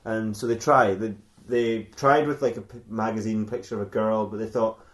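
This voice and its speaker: A man's voice: on the low side, fairly even intonation, normal speed. A man, hosting a podcast and telling an improvised comedy story in a rambling way, often laughing and restarting his sentences. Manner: rambling, with many self-interruptions and restarts; laughs often while talking. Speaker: podcast host.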